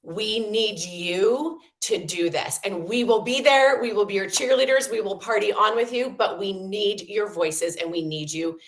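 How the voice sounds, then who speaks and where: A woman's voice: mid-range voice, a little slow, few pauses. A woman hosting a volunteer meeting, making an impassioned, emphatic appeal. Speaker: meeting host.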